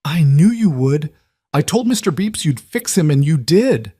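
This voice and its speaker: A man voicing a bright six-year-old girl who talks in a matter-of-fact, earnest way. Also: on the high side, very animated, unhurried, husky, no room sound, clean studio sound, voice pushed up, exaggerated voice.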